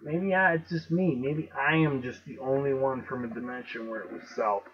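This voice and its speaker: A man with a Chicago accent talks casually to his viewers. He is emphatic, repeats words and spells out letters slowly. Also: medium pitch, slight background noise. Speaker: video host. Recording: dull lo-fi recording.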